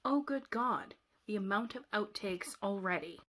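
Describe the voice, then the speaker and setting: A woman's voice: mid-range voice, animated, measured pace, a bit bright, a little hiss or hum. Woman, chatty makeup vlogger, rambling, self-teasing, mid-height voice. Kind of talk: casual makeup tutorial.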